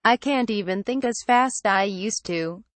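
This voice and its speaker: A woman voicing a weakened, desperate young man held captive, pleading slowly. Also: mid-range voice, dry recording, lightly acted. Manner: slow, pleading.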